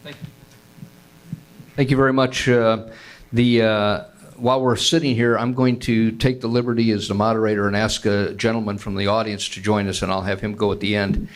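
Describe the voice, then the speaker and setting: A man's voice: lowish voice, steady tone, moderate pace. A man moderating a conference panel, polite and a little hesitant.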